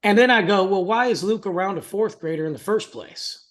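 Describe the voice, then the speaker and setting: A man's voice: high-pitched, a little fast, a bit bright. A young adult man, a podcast co-host, telling a story in casual chat, acting out quotes and laughing often.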